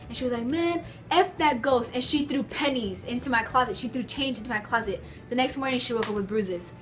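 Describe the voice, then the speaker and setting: A young woman vlogger telling stories to the camera from her bedroom, in a chatty, animated way full of filler words. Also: fairly high pitch. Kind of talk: casual storytelling to camera.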